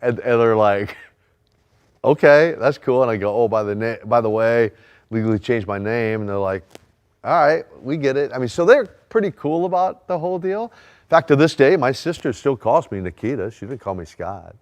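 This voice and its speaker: A Minnesota man, a wrestler interviewed in an archive clip, spins a family anecdote, sounding chatty and amused. He speaks at a moderate pace in a mid-range voice with lively intonation.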